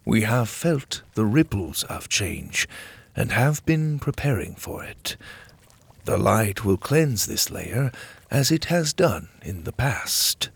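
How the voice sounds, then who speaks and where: A man voicing a solemn, wise male servant of light, speaking in a slow and grave way. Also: lowish voice, big pitch swings, gravelly, slightly rough, no room sound, exaggerated voice.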